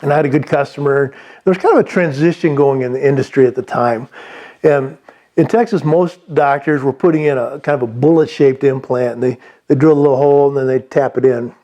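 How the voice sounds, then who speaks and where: A man's voice: mid-range voice, a little fast, warm tone, dull audio. A man giving unscripted sales advice, rambling with many restarts and fillers. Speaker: sales trainer.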